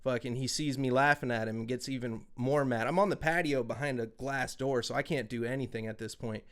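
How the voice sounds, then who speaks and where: A man hosting a podcast, telling stories in a loose, profane, animated way. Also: medium pitch, fairly quick. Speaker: podcast host. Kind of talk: casual chat, storytelling.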